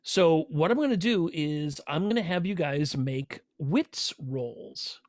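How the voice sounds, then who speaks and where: A man's voice: on the high side, expressive, slow pace, no echo, clean studio sound. A man narrating a tabletop role-playing game as game master, telling the scene in a rambling way with many fillers. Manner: rambling, filler-heavy storytelling.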